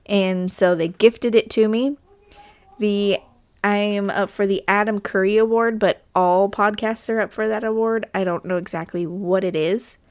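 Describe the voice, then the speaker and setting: A woman hosting her own podcast, talking in a rambling, chatty way, her voice scratchy from allergies. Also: mid-range voice. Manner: rambling, chatty, with many fillers. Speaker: podcast host. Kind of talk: casual solo podcast chat.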